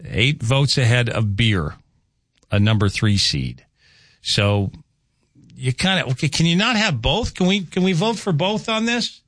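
A man's voice: medium pitch, fairly bright tone, no echo. A man hosting a morning radio show, chatting casually and joking as he interrupts himself. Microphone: studio microphone.

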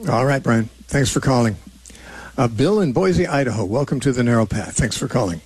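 A man's voice: medium pitch, animated, fairly quick, slight background noise, low-quality recording. A man hosting a call-in radio show, teaching on the Bible in an earnest, reasoning way with frequent restarts.

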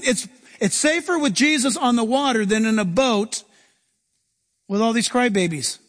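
High-voiced man preaching in a hall. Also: normal speed. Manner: lively, acts out Bible characters. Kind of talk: sermon.

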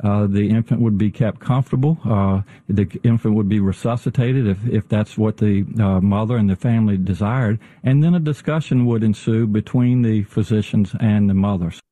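A man with a Southern US accent speaking in a halting, measured way with many fillers, heard in an archive clip. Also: fairly low pitch, mellow, no echo.

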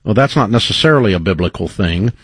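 A man's voice: on the low side, lively intonation, quick pace, breathy edge, no room sound. A man hosting a call-in advice show, talking in an encouraging, folksy, faith-based coaching way, with studio mic sound. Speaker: radio show host.

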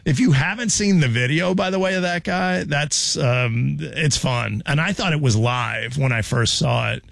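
A man's voice: fairly high pitch, normal speed, vocal fry, fairly bright tone, dry recording. Male morning radio host, casual and playful, close dry studio mic. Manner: chatty, playful, self-mocking.

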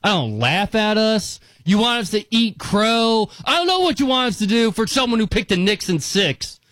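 A male sports radio host, talking in a slightly higher register with a very lively, swooping pitch. He reacts fast and laughs easily. The studio sound is dry and close. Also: dry recording. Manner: animated, quick reactions, frequent laughs and restarts. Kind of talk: casual sports talk radio.

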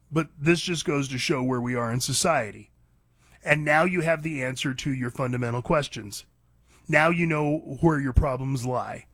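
A man hosting a call-in talk radio show, delivering a fiery, preachy opinion monologue that rises to near-shouts. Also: fairly high pitch, no echo, clean studio sound.

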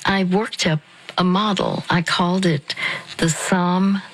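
An older woman hosting a Christian radio program, speaking slowly and softly with many pauses and restarts. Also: fairly low pitch, steady tone, low-quality recording. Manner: slow, soft, halting with restarts. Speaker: radio ministry host. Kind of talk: gentle spoken counsel.

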